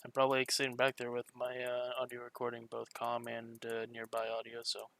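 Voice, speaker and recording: A man's voice: medium pitch, completely flat delivery, a little fast, creaky, fairly bright tone. A man playing a tabletop game, rambling with many fillers as he describes his character. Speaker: player. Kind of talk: casual tabletop chat.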